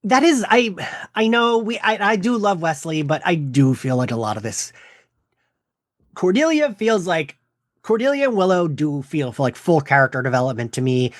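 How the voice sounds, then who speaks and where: A lively podcast co-host in casual chat, swinging freely in pitch and breaking into quick asides. The recording is dry and close, with no room sound. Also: dry recording. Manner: animated, quick asides and self-interruptions.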